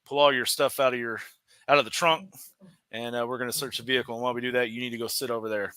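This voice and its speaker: A man voicing a male border patrol officer, reeling off orders in a quick, clipped official tone. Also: mid-range voice, steady tone, sharp tone, clean tone, no room sound, natural voice.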